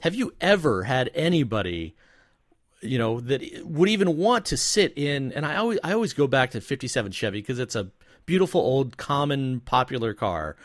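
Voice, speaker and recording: A man's voice: mid-range voice, very animated, moderate pace, dry recording, clean studio sound. A man hosting a podcast, chatting casually and asking his guest questions. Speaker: podcast host. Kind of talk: casual interview chat.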